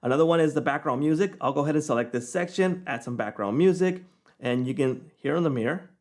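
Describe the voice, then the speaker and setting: A man giving a casual, chatty screen-recorded software tutorial, often checking in with the viewer. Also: on the high side, fast. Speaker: software reviewer.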